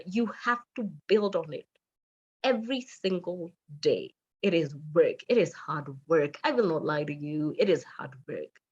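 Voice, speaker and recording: Brief: middle-aged Kenyan woman, Kenyan accent, lower breathy voice, lively motivational speaker. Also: muffled recording. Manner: lively, mixes in Swahili phrases. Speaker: radio manager and speaker. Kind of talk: motivational talk.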